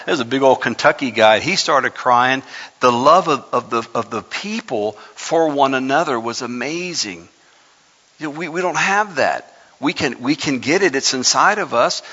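Preaching from the sanctuary of his church, a medium-pitched pastor delivers his sermon in a bright, forceful tone, intensity rising as he shifts pace to stress points. Muffled audio and long hall reverb color the recording.

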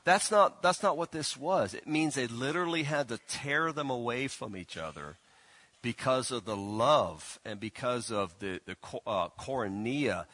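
Halting, folksy preacher man. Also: medium pitch, a bit bright, no echo. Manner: folksy, teasing, halting with many restarts and fillers. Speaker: pastor. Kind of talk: sermon. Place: church.

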